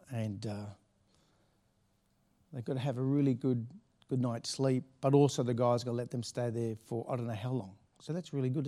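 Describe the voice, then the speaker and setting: A man's voice: mid-range voice, mellow. A middle-aged man, a pastor telling a story from the pulpit in a chatty, laughing way with many restarts. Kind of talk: sermon anecdote.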